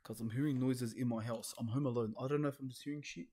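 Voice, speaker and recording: A man's voice: medium pitch, steady tone, fast talker, mellow, breathy edge. A young man commenting nervously on a horror game he plays alone at home, swearing and hesitating. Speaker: gaming video host.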